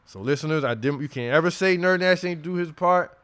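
Slangy podcast host with a smooth voice. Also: male voice, on the high side, a little fast. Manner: animated, laughing, slangy. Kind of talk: casual podcast chat, reading listener emails.

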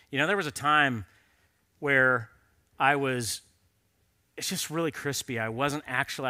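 A man's voice: mid-range voice, sharp tone. A man preaching a sermon in an earnest, conversational storytelling way, appealing directly to men in the audience.

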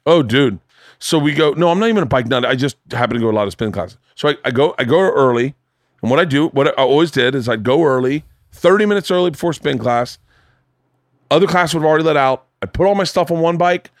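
Animated swearing man telling a story. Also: a little high, quick pace, dry recording, studio quality. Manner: animated, swears, acts out quoted voices loudly. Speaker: podcast host. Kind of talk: casual storytelling chat. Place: home studio room.

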